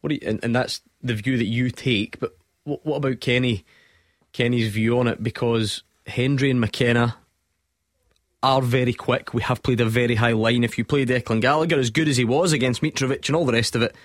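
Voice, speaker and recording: A man's voice: mid-range voice, fairly even intonation, a little fast, no room sound. A host leads a football panel and prods his guests with follow-up questions. The recording is dry and close. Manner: probing questions, steering debate. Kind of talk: studio sports discussion.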